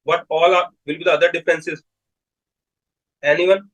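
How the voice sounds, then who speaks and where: Husky Indian man quizzing medical students. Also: fairly high pitch, level tone, normal speed, fairly bright tone, low-quality recording. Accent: Indian English. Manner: repeats key terms, quizzes students. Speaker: medical lecturer. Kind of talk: live online medical lecture.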